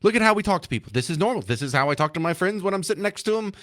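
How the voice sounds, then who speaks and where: A man's voice: high-pitched, racing, no echo, clean studio sound. A man hosting a talk radio show, delivering an opinionated, sarcastic monologue. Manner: sarcastic, mocking, animated.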